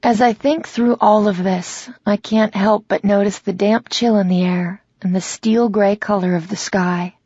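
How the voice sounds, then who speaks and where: A woman narrating a first-person romance audiobook in a measured, reflective way. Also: medium pitch, steady tone, mellow, breathy edge, no room sound, dull audio.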